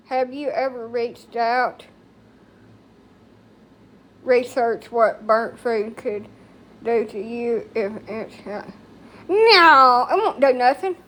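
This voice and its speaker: A brash, crude-mouthed middle-aged woman with a high voice, chatting loosely on a live stream. She rambles from one thing to the next, quick to curse. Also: fairly bright tone. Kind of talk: casual live-stream chat.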